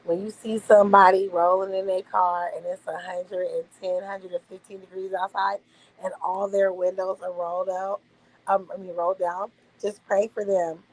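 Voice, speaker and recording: A woman's voice: medium pitch, flat delivery, moderate pace, low-quality recording. A woman hosting a casual livestream, chatting loosely with her viewers and swearing freely. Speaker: livestream host. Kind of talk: casual late-night livestream chat.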